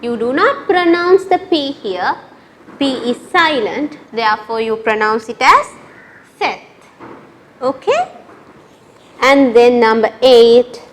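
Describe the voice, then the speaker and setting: A woman teaching a lesson to pupils, speaking slowly and repeating each word for them to copy. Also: on the high side, sing-song, a little hiss or hum. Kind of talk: classroom lesson.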